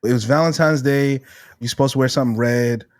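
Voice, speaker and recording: A man around thirty, a podcast co-host, telling a story in casual chat, animated and swearing freely. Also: medium pitch, brisk, no room sound, studio quality. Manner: animated, swears freely, acts out quoted voices.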